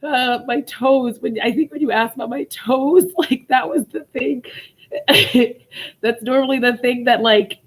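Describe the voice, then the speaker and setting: A woman's voice: high voice, measured pace, husky. A woman chatting casually with viewers on a livestream, tearful and laughing, swearing freely. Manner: emotional, laughing through tears, swearing freely. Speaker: vlogger.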